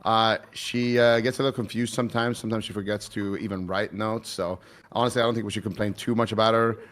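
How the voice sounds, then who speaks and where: A man's voice: fairly low pitch, fairly even intonation, fast, a bit bright. A man interviewing in a jokey, rambling mock-newsman manner. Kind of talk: comedic casual interview.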